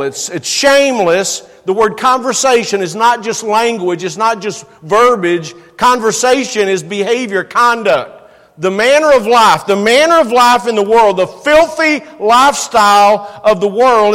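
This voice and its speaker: A man's voice: high voice, a bit bright, long reverb tail. A man preaching a sermon in a church, earnest and given to repeating words for emphasis.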